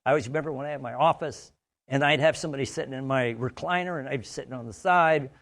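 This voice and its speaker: A man's voice: mid-range voice, fast, gravelly, fairly bright tone. A man from the United States giving a conversational training talk, full of stories and frequent "right?" checks. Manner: anecdotal, conversational, asks "right?" often. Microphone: studio mic.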